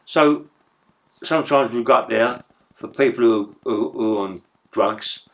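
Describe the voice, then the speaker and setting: A man's voice: medium pitch, unhurried, a bit bright. Middle-aged man, rambling swearing storyteller, stammering restarts. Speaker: interview guest, former prisoner. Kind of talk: casual storytelling.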